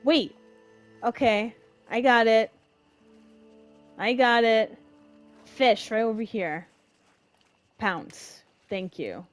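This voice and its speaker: A young woman giving emotional, dramatic let's-play commentary in casual slang, reacting loudly to what happens in the game. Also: on the high side, drawn-out words, pauses often, faint music behind. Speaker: gamer.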